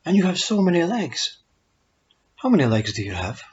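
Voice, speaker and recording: A man's voice: on the high side, sing-song, moderate pace, voice pushed up. A man doing a curious chatty frog. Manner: eager, inquisitive questioning. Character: curious talkative male frog, friendly. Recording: dull lo-fi recording.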